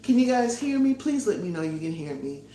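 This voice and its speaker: A woman's voice: medium pitch, brisk, a little hiss or hum. Chatty woman live-streaming from an echoey kitchen. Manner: chatty and excitable, laughs often. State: out of breath. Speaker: vlogger hosting a live cooking stream. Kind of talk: casual live-stream chat. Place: her home kitchen. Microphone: phone or camera on a tripod.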